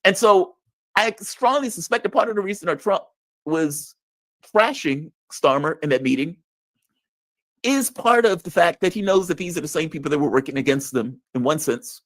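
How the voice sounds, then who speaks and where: Man, political commentator, fairly high voice, dry close sound, blunt, mocking. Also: expressive, normal speed, a bit bright, dry recording. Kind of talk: heated political discussion.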